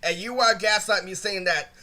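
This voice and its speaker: Talking fairly quickly, this man retells a personal story as an aggrieved rant in casual vlog fashion. His high, bright voice comes in rambling bursts packed with swearing and filler words.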